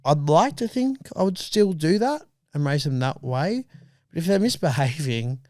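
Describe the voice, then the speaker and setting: A young man, co-hosting a podcast in casual chat, animated and swearing freely as he acts out kids and parents. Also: fairly high pitch, normal speed, dry recording, clean studio sound. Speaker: podcast co-host.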